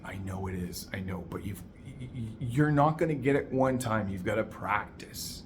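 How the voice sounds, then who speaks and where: A man coaching listeners in an energetic, emphatic motivational monologue, calling them "my man". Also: medium pitch, moderate pace, slight background noise.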